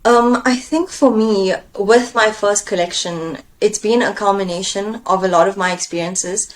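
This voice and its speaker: A woman's voice: mid-range voice, moderate pace. A woman poet and engineer, a guest in a coaching talk, speaking in a thoughtful, searching way with fillers and self-questions. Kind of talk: reflective conversation.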